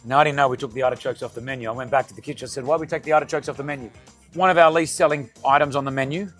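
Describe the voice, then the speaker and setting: An energetic man with an Australian accent, a restaurant owner and radio host chatting casually in an interview and acting out quoted lines as he tells stories. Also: medium pitch, rapid-fire, soft background music. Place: restaurant comedy club.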